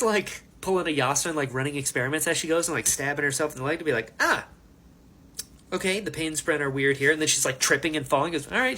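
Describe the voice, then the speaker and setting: Young man, casual reaction chat, lively swooping pitch, chatty. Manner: animated, chatty, acts out quotes. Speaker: book reaction host.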